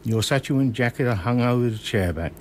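A man voicing a kindly old grandfather with a Geordie accent, speaking slowly and gently. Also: mid-range voice, expressive, a little hiss or hum, natural voice. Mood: gentle.

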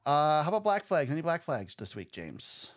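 A man hosting a podcast in casual chat, easygoing and quick to laugh. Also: on the high side, big pitch swings. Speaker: podcast host.

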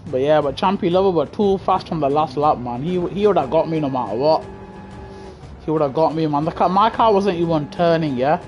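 A young British man chatting excitably to his live chat while playing a racing game on a headset mic. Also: fairly high pitch, a little fast, dull audio, soft background music. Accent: British English. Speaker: gaming livestreamer. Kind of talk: casual live gameplay commentary. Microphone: gaming headset.

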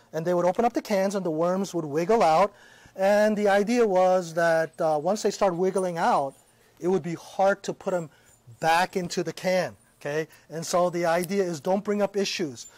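Male Bible teacher with a high voice on a dry close mic, conversational preacher who keeps checking in. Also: darkish tone, dry recording. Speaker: Christian teacher. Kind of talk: live-streamed Bible teaching.

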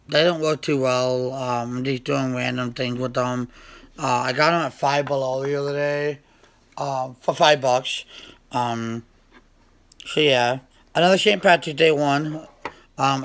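A man's voice: mid-range voice, gravelly, a bit bright. A man casually showing off his painted rocks, talking hesitantly with many ums and uhs. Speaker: rock painting hobbyist showing his work. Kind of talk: casual show-and-tell.

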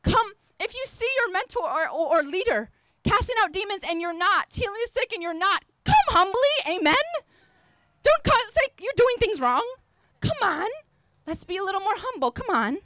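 A woman's voice: very high-pitched, big pitch swings, moderate pace, pushed and bright, no echo. A woman apostle preaching a sermon, fervent and emphatic, repeating phrases as she exhorts her listeners.

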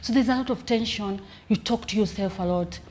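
Lively Kenyan woman comedian. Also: medium pitch, a little fast. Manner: lively storytelling, laughing often. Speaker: comedian guest. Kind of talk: casual interview chat.

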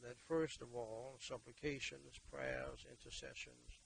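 A man, preaching a sermon and leading prayer, emphatic and repetitive, moving between loud exhortation and quiet talk. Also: medium pitch, level tone, measured pace, creaky, slight background noise, rough recording.

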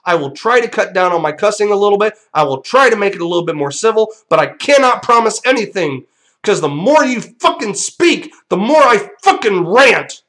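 A man's voice: sits high, sing-song, a little fast, fairly bright tone. A young man hosting a vlog, delivering a profane, combative rant straight to viewers. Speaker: channel host.

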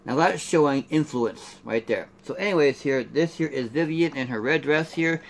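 A man's voice: on the high side, moderate pace, creaky, a little hiss or hum. A middle-aged man from Canada doing a casual unboxing review of collectible figures. He rambles and keeps saying "there" and "here".

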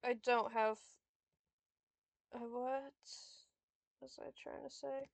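Young woman streamer, high pitch, unhurried, exasperated and profane. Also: fairly even intonation, vocal fry, no echo. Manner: frustrated, swearing, talking to herself. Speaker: streamer playing a board game. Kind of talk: casual gameplay commentary.

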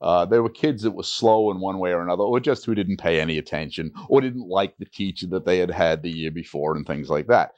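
A man's voice: low-pitched, fairly quick, hardly any pauses, lo-fi sound. An older man, a retired teacher, telling stories in an oral history interview and animatedly acting out the people he quotes. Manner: animated storyteller who acts out quoted voices.

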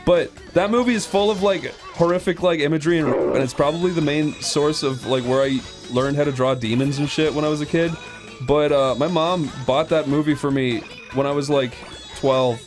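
A man's voice: fairly high pitch, moderate pace, soft background music. A man co-hosting a casual chat, telling crude, joking stories. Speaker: host.

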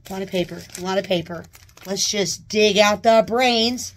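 A woman chatting casually as she unboxes a new purse, gushing with excited exclamations. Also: medium pitch, measured pace, slight background noise. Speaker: unboxing vlogger. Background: paper crinkling.

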